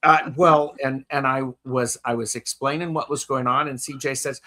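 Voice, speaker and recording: A man with a bright, forward voice hosts a relaxed conversation. He tells anecdotes in a rambling way, often repeating words as he works out what to say next. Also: mid-range voice, moderate pace, hardly any pauses. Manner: storytelling, repeats words while gathering thoughts. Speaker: host. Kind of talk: casual chat.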